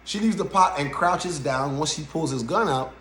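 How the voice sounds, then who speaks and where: Animated man talking in echoey room. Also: fairly high pitch, normal speed. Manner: animated, keeps checking in with "right?". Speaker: podcast host. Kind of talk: casual reaction commentary. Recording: roomy echo.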